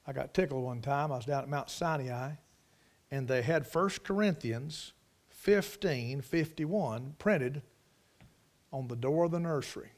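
A man's voice: medium pitch, animated, measured pace. A man preaching a sermon, emphatic, repeating key words for stress.

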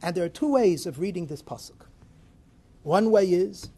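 A man giving a Torah lecture, dramatic and animated, swinging between loud rises and soft drops. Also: sits high, moderate pace, breathy edge. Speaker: Torah teacher.

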